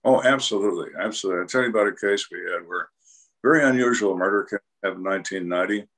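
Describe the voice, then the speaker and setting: An older man with a low, husky voice tells crime stories as an interview guest. His delivery is blunt, dry and dramatic, with deadpan punchlines. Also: very fast. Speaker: retired homicide detective, guest. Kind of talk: storytelling interview.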